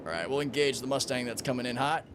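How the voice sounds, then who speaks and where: A young man streaming a space game, chatting casually with his viewers, excitable and swearing freely. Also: medium pitch, fast talker, background noise. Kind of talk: casual livestream commentary.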